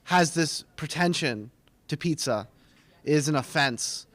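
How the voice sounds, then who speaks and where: A young man with a fairly high voice hosts a loose live show from a small studio. He jokes in a mock-pompous tone. The sound is dry and close. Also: animated, fairly bright tone, dry recording. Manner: joking, mock-pompous, quick asides. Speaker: host of a student TV segment. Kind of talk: casual live-stream banter.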